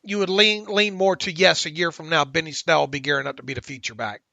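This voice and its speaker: A man hosting a casual sports podcast, opinionated and halting, often restarting his sentences. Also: a little high, steady tone, vocal fry, bright, forceful tone, no room sound, lo-fi sound. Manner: halting, opinionated, self-deprecating. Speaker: podcast host.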